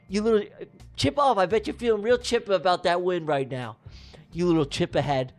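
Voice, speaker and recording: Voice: mid-range voice, fairly quick, darkish tone, faint music behind. A livestream host giving playful race commentary during a giveaway, teasing winners with silly nicknames.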